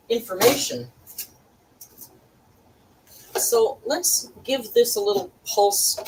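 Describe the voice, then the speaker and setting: A woman talks her viewers through a recipe in a relaxed, chatty way and tosses in wry asides. She sits well back from the mic, so her voice sounds distant. Kitchen noise runs clearly underneath. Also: medium pitch. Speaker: cooking channel host. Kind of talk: casual chatty cooking vlog. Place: home kitchen.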